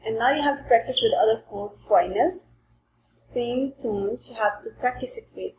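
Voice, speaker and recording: A woman teaching a language lesson, slowly modelling sounds for learners to repeat. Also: on the high side, a little mellow. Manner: slow and deliberate, modelling sounds for repetition. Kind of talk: slow spoken language lesson. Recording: echoey room with faint background noise.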